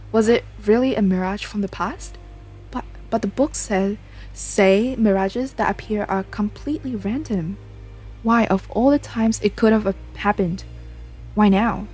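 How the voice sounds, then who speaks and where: A woman's voice: medium pitch, darkish tone, slightly rough, natural voice. A woman reading aloud the lines of a grieving young woman haunted by a ghost in a game, in an earnest, pleading way. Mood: anxious.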